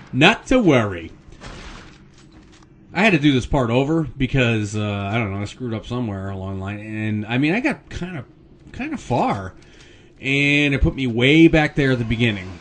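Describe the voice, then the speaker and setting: A man from Pennsylvania talks over his gameplay in a loose, rambling way, full of fillers and quick chuckles, and swears when things go wrong. His voice sits at an ordinary middle pitch. Faint game noise runs underneath. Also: a bit bright. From Erie, Pennsylvania, US. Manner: rambling, chatty, frequent fillers and laughs, gets worked up and curses. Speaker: gameplay commentator. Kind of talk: casual let's-play commentary.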